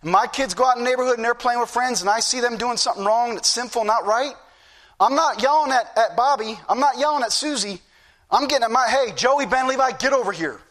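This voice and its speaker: A man's voice: very high voice, fast, a bit bright. A middle-aged man preaching a fervent sermon, repeating phrases for emphasis.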